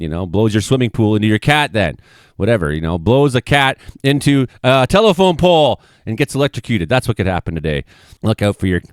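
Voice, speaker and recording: A man giving a casual, excitable weather forecast over maps. He jokes often and swears freely. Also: fairly low pitch, no echo, clean studio sound. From Canada. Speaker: weather vlogger.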